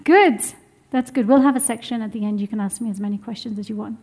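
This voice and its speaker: Young woman workshop teacher, high voice, upbeat and encouraging with a room of students. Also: fast talker. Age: young adult. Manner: lively, encouraging, laughs often. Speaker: womb health teacher. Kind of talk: workshop teaching to a live group. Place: room with a seated group.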